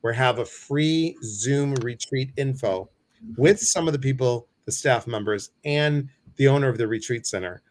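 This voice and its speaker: A man's voice: medium pitch, moderate pace. A man hosting a livestream talk show, speaking casually in a playful, joking and slightly flustered way. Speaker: host.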